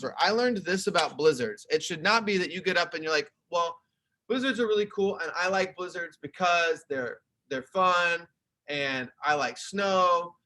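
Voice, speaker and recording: A young man teaching his class over a video call, talking them through each point in a relaxed, explaining way. His voice is bright and a little high. It is recorded on a webcam mic at home. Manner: explaining, conversational, talks through slides. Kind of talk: online class lesson. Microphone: computer webcam mic.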